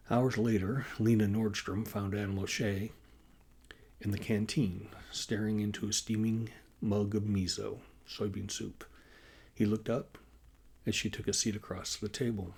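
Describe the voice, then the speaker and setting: A man reads his own novel aloud in a measured, even audiobook manner. His voice is low and gravelly, with a husky edge. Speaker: author reading his novel. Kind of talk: audiobook narration.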